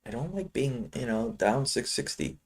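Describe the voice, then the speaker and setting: This is casual live-trading commentary from a Chicago man with a mid-range voice, lively intonation and normal speed. He rambles to viewers in between his futures trades.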